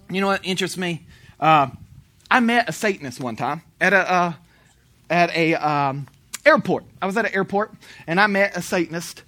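A man's voice: sits high, pushed and bright. A male preacher delivering a sermon in an emphatic, storytelling way, hammering repeated phrases.

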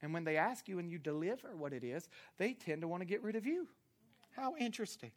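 A male minister with a Southern US accent preaching a sermon, swinging from loud, impassioned preaching to quiet storytelling. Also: fairly high pitch, lively intonation, fast.

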